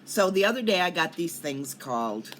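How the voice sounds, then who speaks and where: Talking to the camera at home in Colorado, an older cannabis vlogger rambles casually with her viewers and coughs frequently. She has a lowish, sing-song voice at a moderate pace, and there's slight background noise.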